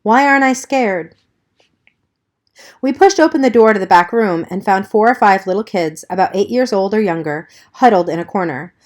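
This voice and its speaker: A woman narrating a first-person novel aloud in a steady, plain reading voice. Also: medium pitch, a little fast, few pauses. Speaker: audiobook reader.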